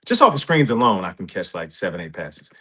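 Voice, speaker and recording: A man in his forties, a guest in an interview, telling stories in a casual, animated way and acting out what others said. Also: fairly quick, breathy edge. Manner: animated, rises in pitch when excited, quotes others in dialogue. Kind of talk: casual storytelling. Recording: dull lo-fi sound.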